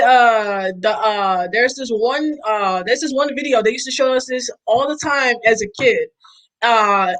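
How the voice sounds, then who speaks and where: A woman's voice: a little high, a bit bright, low-quality recording. A young woman co-hosting a casual podcast chat, talking in an emphatic, profane way and laughing often. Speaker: podcast co-host.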